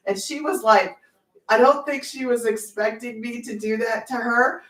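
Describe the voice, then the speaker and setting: A woman's voice: a little high, moderate pace, a bit bright, recorded from a distance. Chatty middle-aged woman, roomy and off-mic. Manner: chatty, rambling, emphatic. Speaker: online business host. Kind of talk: casual livestream chat. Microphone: phone.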